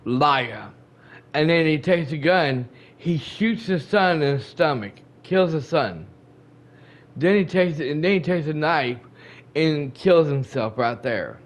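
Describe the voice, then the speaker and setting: A man's voice: fairly high pitch, lively intonation, measured pace. A man hosting a gaming channel, casually recapping a game. He rambles, repeats himself, talks straight to his viewers and retells scenes with quoted dialogue. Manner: colloquial and chatty, addressing viewers directly.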